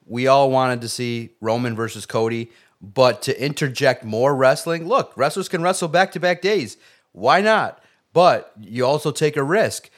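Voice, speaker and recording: Excitable man talking wrestling. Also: medium pitch, a little slow. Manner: animated, excitable, acts out quotes. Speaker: wrestling podcast co-host. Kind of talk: casual chat.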